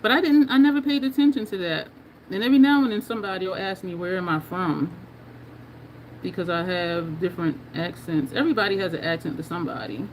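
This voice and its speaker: A woman's voice: fairly low pitch, fast talker, slight background noise. Chatty New Jersey woman on a makeup livestream. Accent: New Jersey and New York. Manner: chatty, laughs often, talks to viewers in chat. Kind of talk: casual livestream chat while doing makeup.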